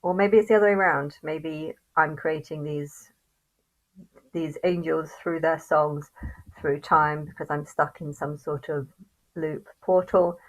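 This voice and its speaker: A woman vlogger delivering an angry, halting monologue to camera, swearing and restarting her sentences. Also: deep voice, poor audio.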